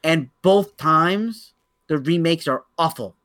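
A man's voice: fairly high pitch, slow pace, fairly bright tone, no room sound. A man co-hosting a podcast in casual chat, opinionated, stumbling over restarts and laughing as he tells stories. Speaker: podcast co-host.

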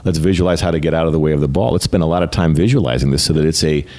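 A middle-aged American man with an extremely deep voice, talking as an interview guest. He speaks earnestly in a relaxed, conversational way and often stumbles over repeated words as a thought gets going. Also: very fast. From United States. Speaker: guest, retired fighter pilot. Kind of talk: casual interview talk.

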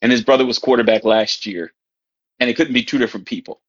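A man's voice: mid-range voice, fast, a bit bright, breathy edge, muffled recording. Wry male coach telling stories. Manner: wry anecdotes, acts out voices of players. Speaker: podcast guest, high school football coach. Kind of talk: casual storytelling chat.

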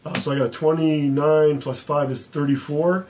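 A game master runs a tabletop game, first explaining rules and then slowing down to narrate scenes vividly. His voice is a little high, level in tone and slightly mellow, captured a little off-mic in a roomy space with a faint hum behind it.

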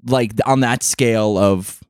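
A man co-hosting a podcast, joking around in relaxed casual chat. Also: medium pitch, measured pace, clean tone, no echo, studio quality. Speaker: podcast co-host.

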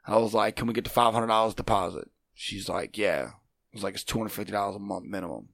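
A middle-aged wrestling trainer, appearing as a guest, swaps stories in a casual chat, animatedly acting out dialogue in different voices. His voice is lowish, fast and gravelly, captured in a dry, studio-quality recording.

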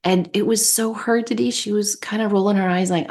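A woman co-hosting a spiritual podcast, telling a personal story in an animated, chatty way. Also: on the low side, fairly quick. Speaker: podcast co-host. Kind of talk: casual chat.

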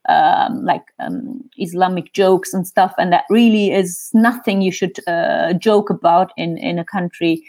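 A woman speaking as an interview guest on digital marketing, talking thoughtfully and pausing to search for words. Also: lowish voice, a little mellow. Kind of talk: casual interview chat.

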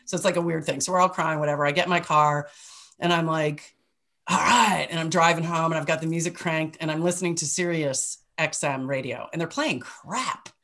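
Middle-aged woman on a podcast, lowish voice, chatty and emotional, laughs a lot while telling stories. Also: a little fast, a bit bright. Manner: emotional, laughs often, swears casually. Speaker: podcast co-host. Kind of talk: casual storytelling chat.

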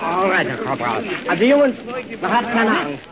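An actor playing a gentle, pleading German prisoner of war, speaking with a German accent in 1940s radio acting. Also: male voice, sits high, sing-song, normal speed. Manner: soft, pleading, polite. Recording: muffled old radio broadcast, loud crowd.

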